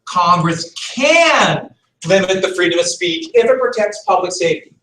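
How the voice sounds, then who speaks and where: A man's voice: high-pitched, big pitch swings, normal speed, pushed and bright, slight background noise. A man teaching a class, making his points emphatically and repeating them. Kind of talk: classroom lecture. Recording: echoey room, mic far off.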